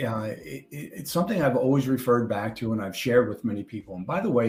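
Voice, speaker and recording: An older man with a New York accent is giving a conference presentation from a stage. He talks in a loose, conversational way, tossing in small jokes and asides, at a middle pitch. His voice rings out in a roomy hall. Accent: New York (Long Island). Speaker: conference speaker. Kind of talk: presentation talk.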